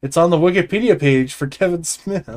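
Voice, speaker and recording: A man co-hosting a podcast in casual chat, with a dry, sarcastic, deadpan manner. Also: on the high side, fairly quick. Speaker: podcast co-host.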